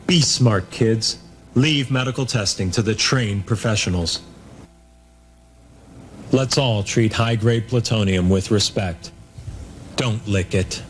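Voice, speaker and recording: A man reads a public service message in a sincere, deadpan spokesman manner. His voice sits fairly low. A faint hiss runs behind him. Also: slow pace, pauses often. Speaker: actor in a spoof public service ad. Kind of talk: earnest spokesman read.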